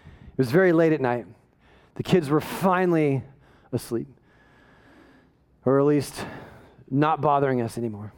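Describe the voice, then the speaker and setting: A man's voice: medium pitch, a little slow, long pauses, a little mellow. A man preaching a sermon, telling a self-deprecating story in a conversational way before building to emphatic preaching. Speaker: pastor.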